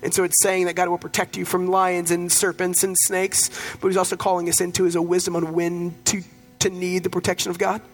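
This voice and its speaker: High-voiced pastor preaching a sermon. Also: male voice, monotone, a little fast, few pauses, faint music behind. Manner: conversational storytelling with humor.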